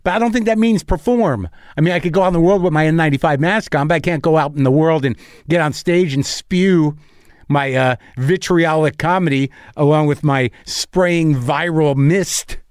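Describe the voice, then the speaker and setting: Clean studio sound with no echo captures a comedian and podcast host speaking at a normal pace in a fairly high, clear, resonant voice that's nonetheless stuffy, scratchy and a bit tired. His casual monologue rambles, full of profanity and self-deprecating jokes.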